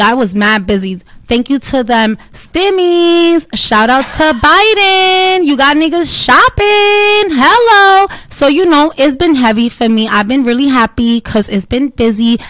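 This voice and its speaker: A woman telling a story in blunt, profane, animated casual talk, with Spanish words dropped in. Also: fairly high pitch, dry recording.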